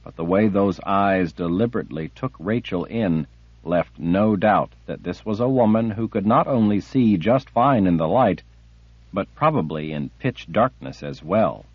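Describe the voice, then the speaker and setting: A man narrating a fantasy audiobook slowly and expressively. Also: deep voice, lively intonation, husky, dry recording, highs cut off. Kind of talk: scripted narration.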